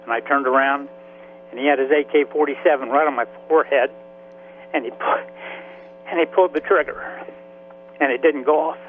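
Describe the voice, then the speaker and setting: A man in his seventies, a veteran and author, telling his story in a halting, emotional way with many restarts. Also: mid-range voice, fairly even intonation. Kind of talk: radio interview by phone. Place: Florida. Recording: tinny phone line with faint hiss.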